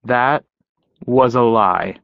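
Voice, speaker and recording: A man voicing a blunt, dry-humored werewolf man in an audiobook, low and quiet. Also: drawn-out words, creaky, smooth, no room sound, narrow, tinny audio. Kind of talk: audiobook character voice.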